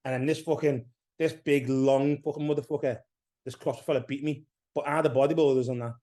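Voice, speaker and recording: A man's voice: mid-range voice, steady tone, fast, warm tone. A man from England with an English accent, telling a rambling story as a podcast guest, swearing freely and getting heated. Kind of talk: casual chat, storytelling.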